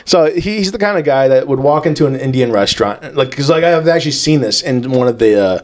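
Lively, crude-joking male podcast host. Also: mid-range voice, brisk. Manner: crude, joking storyteller who laughs often. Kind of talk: casual chat.

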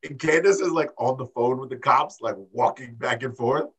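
A man co-hosting a casual wrestling chat, animated and swearing, acting out quotes in high voices. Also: moderate pace, breathy edge, poor audio. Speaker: podcast co-host.

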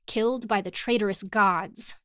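A woman voicing a demon sage's scheming daughter who speaks flatly and with control in a storybook reading. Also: mid-range voice, moderate pace, smooth, no room sound, studio quality, lightly acted. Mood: cold flat.

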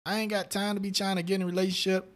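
A man's voice: high voice, little pitch movement, very fast, a bit bright. A man co-hosting a podcast, telling loose, profane stories in casual chat and acting out quoted voices. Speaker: podcast co-host.

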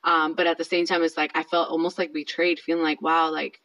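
Low-voiced woman telling a story. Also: level tone, a little fast, a crowd in the background, low-quality recording. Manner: chatty, filler-heavy, self-conscious. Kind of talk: casual storytelling.

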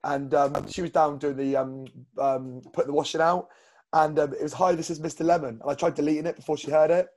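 A man's voice: fairly high pitch, steady tone, brisk, a little mellow. A man co-hosting a casual fitness podcast as a coach, blunt and rambling with lots of fillers.

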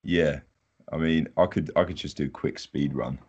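A man's voice: a bass voice, fairly even intonation, moderate pace, darkish tone, slightly rough. A man, a podcast guest chatting casually in an easygoing, self-deprecating way. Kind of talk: casual chat.

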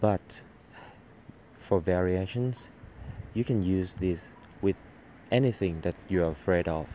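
A man hosting a language lesson, speaking clearly and patiently and repeating words slowly. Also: deep voice, warm tone, dull audio, slight background noise. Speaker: language teacher.

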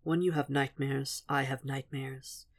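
A woman reading a soft-spoken menacing psychiatrist. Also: low voice, lively intonation. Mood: murmuring. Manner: quiet, measured, dry murmur.

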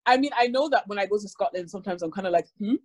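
A young woman with an Irish accent, co-hosting a podcast in casual chat, talking fast with stammered restarts. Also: mid-range voice, no echo. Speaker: podcast co-host.

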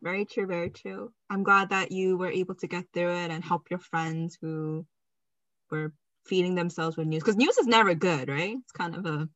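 A woman's voice: lowish voice, normal speed, no room sound, highs cut off. A young woman hosting a podcast in casual chat, playful and joking with her guest. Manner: playful, laughs often. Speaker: podcast host.

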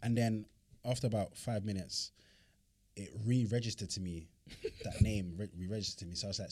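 A man's voice: fairly low pitch, steady tone, a little fast, a little mellow, no echo. A man, co-hosting a podcast, telling a story in casual, slangy chat, with bursts of laughter. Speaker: podcast co-host.

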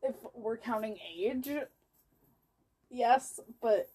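A young woman co-hosting a casual chat podcast, dropping wry, deadpan jokes. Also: on the high side, very slow, husky, rough recording. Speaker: podcast co-host.

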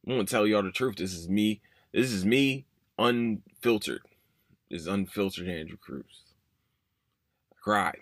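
A man's voice: deep voice, measured pace, a bit bright, no room sound, studio quality. A man, hosting a podcast and telling a personal story in an emotional, rambling way that repeats itself. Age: 30s. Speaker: podcast host. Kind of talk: casual personal monologue.

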